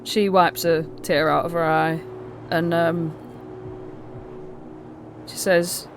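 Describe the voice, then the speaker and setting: A woman's voice: fairly low pitch, little pitch movement, slow pace, a little hiss or hum. Rambling woman game master. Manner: rambling, full of fillers. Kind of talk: narrating a tabletop game.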